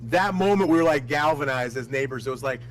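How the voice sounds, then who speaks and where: A man telling crude, animated stories full of cursing in a casual podcast chat. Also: mid-range voice, quick pace, slight background noise, rough recording. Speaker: podcast co-host.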